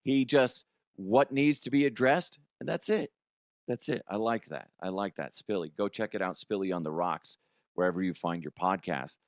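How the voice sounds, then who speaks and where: A man's voice: low-pitched, moderate pace, no echo, studio quality. A man hosting a sports comedy show, ranting bluntly and cursing often. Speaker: sports comedy podcast host. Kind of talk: profane sports rant.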